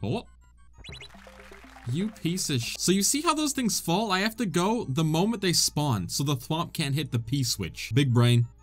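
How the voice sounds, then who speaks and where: Excitable young man yelping over gameplay. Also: on the high side, unhurried, faint music behind. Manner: excitable, yelps and shrieks, frustrated outbursts. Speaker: gaming video creator. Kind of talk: let's play commentary.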